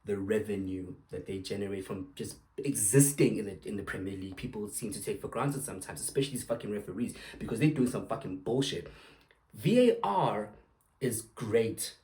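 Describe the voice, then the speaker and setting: Speaking briskly with lively intonation, this young podcast host has a lowish, slightly mellow voice. He's furious about football referees, cursing constantly and throwing out sarcastic jabs on his own show.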